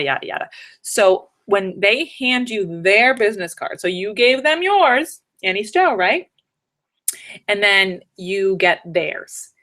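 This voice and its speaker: A woman in her thirties chats casually with her viewers on a live stream from a third-floor room at home. As a vlogger, she rambles through conference tips and tosses in joking asides, her voice fairly low in pitch with a fairly bright tone.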